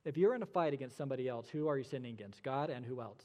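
A man's voice: mid-range voice, expressive, rapid-fire, a little mellow, big-room sound. A male pastor delivering a sermon, emphatic and full of rhetorical questions, with dry sarcastic asides.

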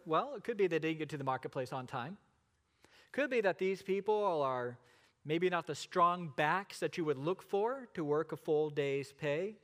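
Male pastor, middle-aged, sermon delivery with rhetorical questions, lively rising and falling pitch, long hall reverb. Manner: expository preaching with rhetorical questions and dramatic pauses.

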